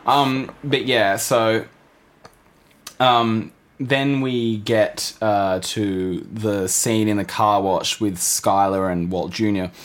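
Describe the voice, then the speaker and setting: Animated male podcast co-host. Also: on the low side, slow. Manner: animated, acts out quoted lines. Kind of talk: casual chat.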